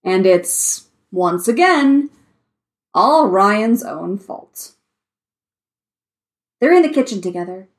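Woman narrator reading a story aloud; lively, animated pitch. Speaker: story reader. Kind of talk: reading fan fiction aloud.

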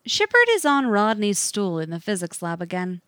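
A woman narrating a fiction story aloud with an expressive, varied delivery. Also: medium pitch, moderate pace, dry recording, studio quality.

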